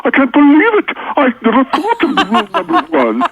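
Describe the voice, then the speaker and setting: A man putting on a mock British accent to play an excitable British man who gushes with exaggerated, breathless enthusiasm. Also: extremely high pitch, a little fast, vocal fry, pitched above the performer's own voice, full character voice. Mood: delighted. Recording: tinny phone line.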